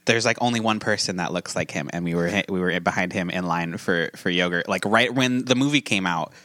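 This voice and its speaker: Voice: low voice, a little fast, a bit bright, no room sound. A podcast host chatting casually about a movie, playful and enthusiastic.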